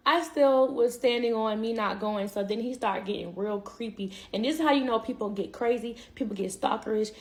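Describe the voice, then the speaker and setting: A young woman telling a personal story in casual vlog style, animated and acting out what people said. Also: fairly high pitch, a little fast, hardly any pauses. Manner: animated, acts out quotes, laughs. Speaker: vlogger.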